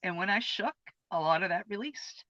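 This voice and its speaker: A woman's voice: medium pitch, lively intonation, normal speed, bright, forceful tone, no echo. Woman in her 50s sharing a personal story on a chat show, earnest and open, muffled lo-fi sound. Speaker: co-host. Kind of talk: casual chat about a personal experience. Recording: dull lo-fi, dry sound.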